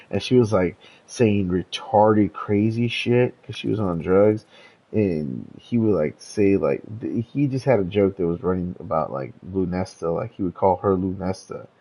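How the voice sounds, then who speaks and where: A young man spins a long, meandering story in loose casual chat. He curses constantly and trips over his own restarts. His voice sits low and sounds mellow. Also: breathy edge, low-quality recording. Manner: rambling, profane, stammering restarts. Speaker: podcast host telling a story.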